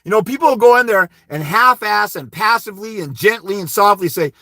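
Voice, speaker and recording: A man's voice: high-pitched, lively intonation, fairly quick, pushed and bright, no echo, clean studio sound. A man hosting a live advice stream, speaking bluntly and emphatically, urging listeners to confront the court. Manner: mimics timid speakers with mumbling "wah wah". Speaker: host giving legal advice.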